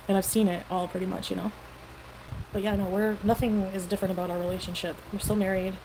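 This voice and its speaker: A woman livestreamer talks in a loose, rambling way, defending herself and leaning on fillers. Her pitch sits in the middle. Clear background noise runs under the stream audio. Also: level tone, a little fast. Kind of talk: casual livestream talk.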